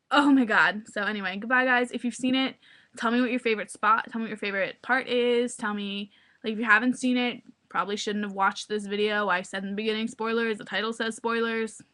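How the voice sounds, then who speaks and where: A young adult woman vlogger chatting casually, excitable and rambling with lots of "like". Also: mid-range voice. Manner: excitable, rambling, heavy use of "like". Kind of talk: casual vlog chat.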